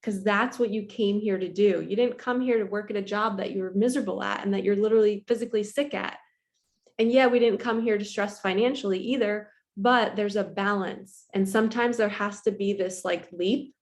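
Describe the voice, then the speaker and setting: Chatty woman tarot reader. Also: medium pitch. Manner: chatty storytelling, quotes others in lively voices. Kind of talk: casual spiritual vlog talk. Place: her apartment.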